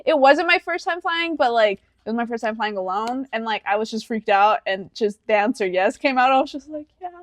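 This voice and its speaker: A woman's voice: a little high, a little fast, few pauses, no echo. Chatty young woman telling stories. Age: 20s. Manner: animated storytelling, acting out quoted voices, many fillers. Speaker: podcast co-host. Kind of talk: casual chat.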